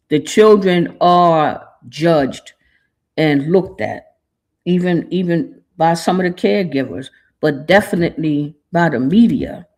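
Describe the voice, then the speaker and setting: A woman hosts her podcast in a heartfelt monologue, earnest and casual with loose informal slang. She is holding back tears as she speaks. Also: low-pitched. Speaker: podcast host.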